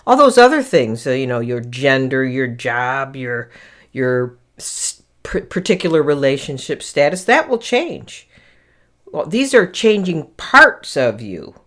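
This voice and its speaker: A solo podcast host who talks slowly and thoughtfully, explaining ideas to listeners. The manner is self-deprecating and unhurried, with pauses to find the right word. The pitch sits at a middling level. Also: very animated, fairly bright tone. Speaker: podcast host teaching Buddhism. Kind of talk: reflective solo podcast talk.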